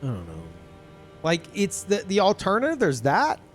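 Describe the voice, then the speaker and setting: A man talking casually to his live-stream chat, who calls his own voice monotone. He rambles with many fillers and restarts and swears often. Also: sits high, normal speed, faint music behind. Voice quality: self-described monotone.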